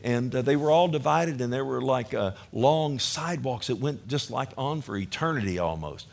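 Texan man, pastor preaching, gravelly voice, mid pitch, impassioned and then hushed. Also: expressive, normal speed. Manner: impassioned, swings from loud urging to quiet storytelling. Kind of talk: sermon.

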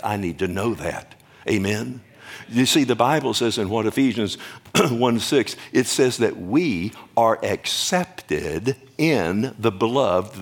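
An older man preaching a sermon in a folksy, emphatic way, often asking the congregation questions. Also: on the low side. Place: church or stage before a congregation.

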